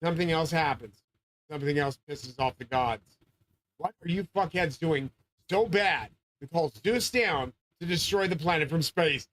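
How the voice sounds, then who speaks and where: A man with a somewhat high-pitched voice rants into his own channel. He rambles from point to point, swears constantly and makes grandiose claims, often slipping into yelling. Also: normal speed, low-quality recording. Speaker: channel host. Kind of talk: profane monologue rant.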